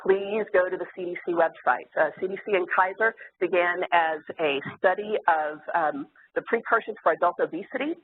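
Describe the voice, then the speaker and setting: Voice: mid-range voice, moderate pace. A therapist giving an earnest, explanatory lecture to clinicians, with occasional fillers. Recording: tinny phone-like sound, faint hiss.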